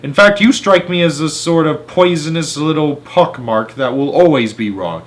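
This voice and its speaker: Here a man voices a bullying, fierce headmistress of huge size, roaring and sneering scornfully at a pupil during a storybook reading. Pitched above his own voice and on the high side, it still sounds natural, and he speaks at a normal speed.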